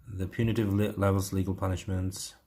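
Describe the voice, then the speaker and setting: A man's voice: low voice, little pitch movement, a little fast, warm tone, husky. A man with an Uzbek accent, teaching IELTS writing and thinking aloud with many fillers as he corrects an essay.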